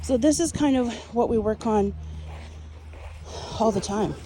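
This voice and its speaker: A woman dog trainer explaining a training session outdoors, switching between calm explanation and high, cheerful commands to the dogs. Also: a little slow, pauses often, a little hiss or hum, poor audio. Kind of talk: casual training demonstration.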